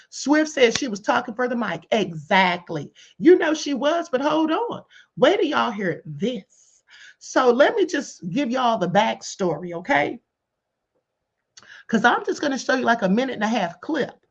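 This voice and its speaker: A woman hosts a casual commentary livestream and speaks to her chat directly, calling them beloveds and honey. Her voice sits a little high. The stream audio sounds dull and lo-fi, and her delivery is animated. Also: moderate pace, slightly rough. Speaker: livestream host. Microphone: computer or headset mic on live stream.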